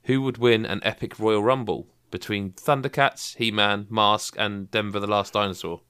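A man's voice: lowish voice, moderate pace, clean tone. A man hosting a casual podcast chat, teasing his co-hosts as he reads out listener questions. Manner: lively, teasing, leads the questions. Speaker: podcast host.

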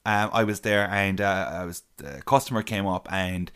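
A young Irish man in casual podcast chat, relaxed, swearing freely and filling with "like". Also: low voice, moderate pace, clean tone. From Ireland. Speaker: podcast co-host.

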